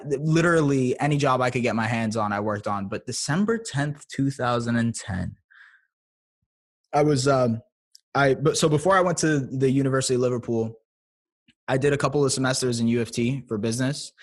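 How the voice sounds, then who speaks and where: A man in his thirties from Canada, a playful podcast guest who repeats himself and restarts his sentences often. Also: medium pitch. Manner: playful, repetitive, restarts a lot. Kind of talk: casual chat.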